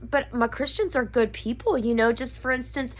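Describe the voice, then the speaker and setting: A woman's voice: on the high side, steady tone, normal speed. Rambling woman vlogging from home. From Pasadena, Texas, USA. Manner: rambling, many fillers, earnest and emotional. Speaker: occult vlogger. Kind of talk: casual rambling monologue to camera. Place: living room at home. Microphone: camera mic.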